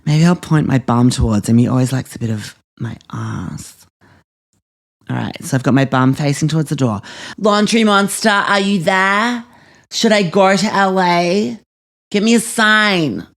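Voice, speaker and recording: A man's voice: fairly high pitch, a little slow, creaky, a bit bright. A man voicing a spoiled, dramatic young Australian woman who gushes, gasps and swears through a comedy podcast monologue. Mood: whiny. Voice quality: gushing, breathless, swears constantly, lots of gasps. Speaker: podcast host character.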